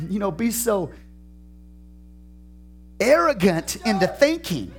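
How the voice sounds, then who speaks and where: A man pastor preaching a sermon in a church, fervent and questioning, with shouted peaks and slow drawn-out phrases. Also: high-pitched, expressive, faint music behind.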